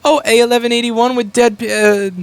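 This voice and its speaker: Man doing a snooty junk picker, high mocking voice, waves off anything broken. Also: flat delivery, moderate pace, vocal fry, clean tone, no echo. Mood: sneering. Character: sneering picky male waste collector.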